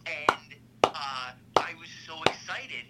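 A man's voice: on the high side, slow, very noisy. A man riffing in a comedy chat, telling absurd stories with over-sincere, mock-earnest conviction. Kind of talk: comedic improv banter.

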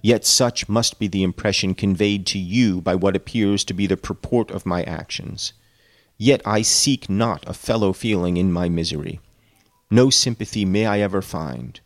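A brooding, bitter creature voiced by a man speaks in a slow, hushed, deep murmur full of anguish. The voice sits low and dry, like a storybook reading close to the mic. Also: no room sound. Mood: despairing.

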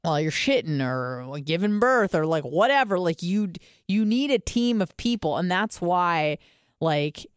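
Smooth-voiced woman rambling casually. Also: on the low side, lively intonation, a little slow, no room sound, studio quality. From United States. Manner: rambling, profane, lots of fillers. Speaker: podcast co-host. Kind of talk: casual chat.

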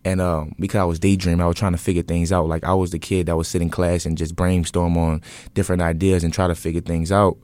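Deep-voiced young man. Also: fast talker, no echo. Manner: relaxed, rambling storytelling with many fillers. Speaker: interview guest, event business owner. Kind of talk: casual interview conversation.

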